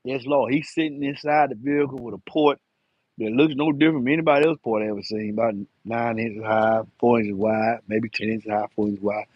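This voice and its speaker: A man's voice: medium pitch, fairly even intonation, brisk, dry recording, highs cut off. A man around fifty, chatting loosely on a live stream and rambling in slang. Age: 50s. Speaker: live-stream host, enclosure builder. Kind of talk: casual live-stream chat.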